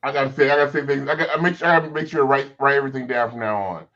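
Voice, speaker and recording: A man chatting on a panel, mid-pitched and plain, who keeps doubling words as he restarts. His sound comes through dull and lo-fi. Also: fairly bright tone. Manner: halting, repeats words as he restarts. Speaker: podcast panelist. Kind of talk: casual panel chat.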